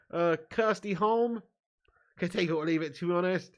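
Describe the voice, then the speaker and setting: A man hosting a football watch-along stream, reading out viewer comments in casual, jokey banter and laughing often. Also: sits high.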